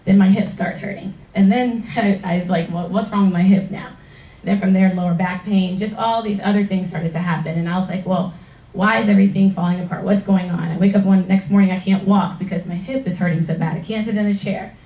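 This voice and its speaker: A woman, a retired track athlete, tells her story in a personal testimonial, animated and laughing often as she acts out past conversations. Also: mid-range voice, fairly quick. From United States. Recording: roomy sound from a distance.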